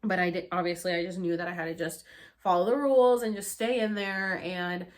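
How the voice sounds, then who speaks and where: A young woman vlogger, her voice on the low side, speaks a little fast while relating a personal story. She's casual and animated, swearing freely and playing out other people's words.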